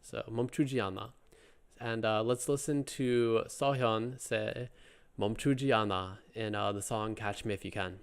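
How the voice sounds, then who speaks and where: Guy teaching a language lesson, kinda low voice, lots of "uh" and "like", jokes around. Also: steady tone, fast, a little hiss or hum. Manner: chatty and joking, many fillers and restarts. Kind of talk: casual spoken lesson.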